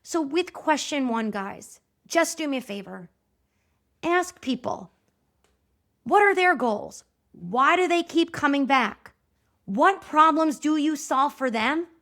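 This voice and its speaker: A woman in her thirties hosting a podcast, giving a chatty, animated solo talk straight to her listeners. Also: sits high, takes it slowly. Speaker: podcast host.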